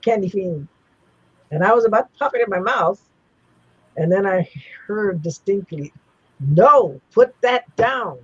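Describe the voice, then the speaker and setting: A man's voice: high voice, moderate pace, pauses often, breathy edge, no room sound, muffled recording. A man in his seventies tells personal stories as an interview guest, rambling with many restarts and fillers. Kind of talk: personal storytelling in a casual interview.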